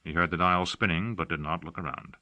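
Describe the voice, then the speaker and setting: A man narrating an audiobook with expressive storytelling. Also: sits low, brisk, dry recording, dull audio. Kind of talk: scripted narration.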